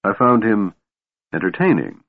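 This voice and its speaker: A man voicing a cold, scheming female warlord who speaks coolly and smoothly. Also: fairly low pitch, big pitch swings, measured pace, no room sound. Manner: cool, cutting, smooth. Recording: narrow phone-like sound, dry.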